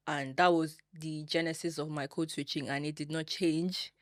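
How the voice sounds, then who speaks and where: A woman guest on a podcast, telling her story in a relaxed conversational way and acting out her own inner asides. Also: sits low, normal speed, dry recording, clean studio sound. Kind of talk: conversational interview.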